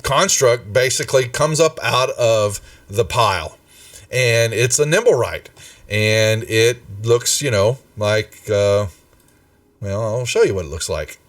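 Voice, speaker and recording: A man's voice: on the low side, a bit bright, no echo, recorded from a distance. A man narrating a tabletop game as game master in a loose, conversational way, often searching for words.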